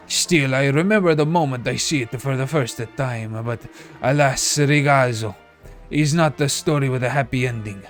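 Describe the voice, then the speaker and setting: A man's voice: mid-range voice, natural voice. A man voicing an old Italian former sea captain, telling his tale in broken English with a put-on Italian accent.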